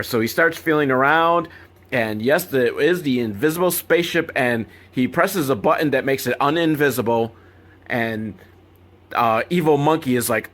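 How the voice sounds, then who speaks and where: A man hosting a podcast, recapping a film with weary sarcasm. He rambles from one complaint to the next and sounds fed up with what he is watching. His voice sits at an ordinary pitch for a man. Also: a little slow, a bit bright. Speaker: podcast host.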